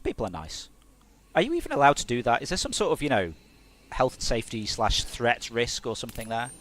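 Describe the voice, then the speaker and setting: A man's voice: mid-range voice, huge pitch swings, fairly quick, a bit bright, no room sound. A man from Hertfordshire, England, a game developer chatting casually on a live stream in a rambling, self-mocking way.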